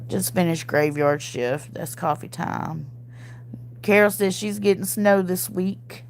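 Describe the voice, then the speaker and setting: A woman with a Southern US accent chats easily with her viewers, calling them y'all and breaking into laughter now and then. She talks at an unhurried, drawn-out pace in a middle-pitched voice. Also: slight background noise. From Mississippi, US. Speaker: livestream host reading chat. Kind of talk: casual chat.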